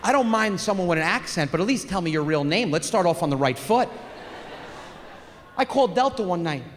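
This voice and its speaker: A man's voice: high voice, lively intonation, brisk, slight background noise. A man doing a brash, profane stand-up routine. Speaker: stand-up comedian. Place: comedy stage. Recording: echoey hall, faint ambience.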